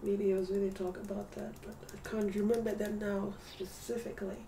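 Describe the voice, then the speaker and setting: Speaking briskly in a level tone, a tired woman records a casual home video diary, yawning now and then. Her mellow voice is soft and hesitant, slipping into whispers at times, and the distant mic picks up a faint room hum.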